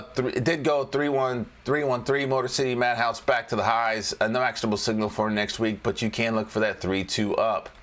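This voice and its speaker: Low-voiced man joking through charts. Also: fairly bright tone. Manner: loose, joking, repeats phrases. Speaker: trading educator. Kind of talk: casual chart walkthrough.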